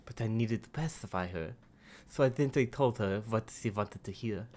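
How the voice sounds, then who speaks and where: A man voicing a gentle teenage boy narrator with a lisp, reading haltingly with restarts. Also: lowish voice, close to an everyday voice.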